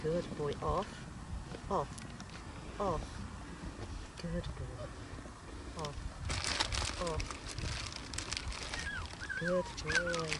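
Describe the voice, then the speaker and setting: A woman's voice: low voice, drawn-out words, long pauses, distant mic. A woman outdoors on a farm in casual chat, praising puppies in a sing-song way between firm commands. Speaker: dog owner. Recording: noisy outdoor recording. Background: dogs and outdoor noise.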